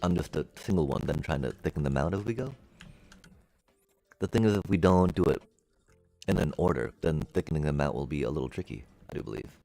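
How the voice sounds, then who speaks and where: Deep gravelly man chatting over gameplay. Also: animated, a little fast, long pauses, mellow. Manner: chatty, musing aloud, makes beep-boop sound effects. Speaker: streamer. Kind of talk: casual gameplay commentary to live chat.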